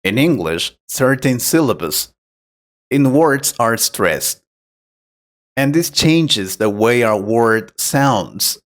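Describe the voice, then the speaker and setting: A man acting as an English teacher who explains pronunciation tips patiently and clearly in a scripted conversation lesson. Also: medium pitch, animated, slow pace, a bit bright.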